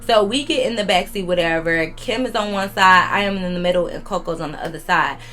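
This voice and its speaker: A woman's voice: lowish voice, a little fast, fairly bright tone, soft background music. A young woman telling a storytime vlog to her viewers, chatty and rambling, full of slang, calling them y'all. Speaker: YouTube storyteller.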